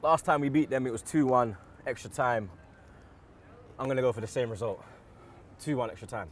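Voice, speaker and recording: A man talking football as a fan pundit in excitable, slang-filled chat, telling stories with loud outbursts. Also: medium pitch, fairly quick, slight background noise.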